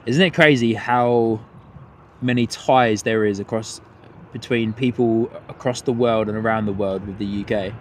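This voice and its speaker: A man hosting a live plane-spotting stream outdoors at an airport, chatting with viewers in a rambling way, with many fillers and restarts, and excited by good landings. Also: lowish voice, moderate pace. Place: outdoors at an airport viewing spot. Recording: outdoor traffic noise. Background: outdoor traffic and ambience.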